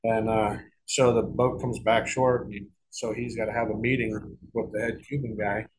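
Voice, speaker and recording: A man's voice: fairly low pitch, little pitch movement, moderate pace, breathy edge, low-quality recording. A middle-aged man telling a long story in a casual interview, rambling and profane, with frequent restarts and repeated words. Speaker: guest author.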